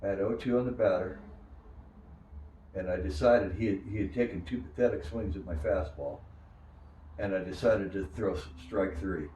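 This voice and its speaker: An older man recalling his days as a minor league pitcher, telling stories and acting out the voices of others. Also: normal speed, dull audio, a little hiss or hum. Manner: animated storyteller who acts out quoted voices. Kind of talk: storytelling interview. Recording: echoey room, distant mic.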